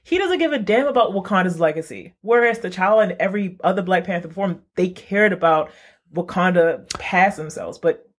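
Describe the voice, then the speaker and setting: A man's voice: high voice, lively intonation, fairly quick, fairly bright tone. Guy on a podcast rambling, restarting his sentences a lot, laughs a bunch. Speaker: podcast co-host. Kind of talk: casual chat.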